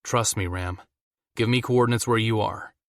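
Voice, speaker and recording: A man's voice: fairly low pitch, moderate pace, no echo, studio quality, lightly acted. A man voicing a take-charge adult man who speaks firmly and urgently.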